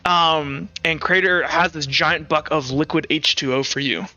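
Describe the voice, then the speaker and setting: A man's voice: a little high, fairly even intonation, normal speed, sharp tone. A man narrating a tabletop game as game master, rambling with lots of filler words. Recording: dull lo-fi mic with music.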